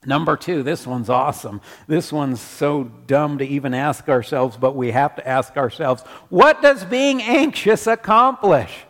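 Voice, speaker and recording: A man preaching a sermon as pastor in a church, animated, repeating his declarations. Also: fairly high pitch, measured pace, few pauses, long reverb tail.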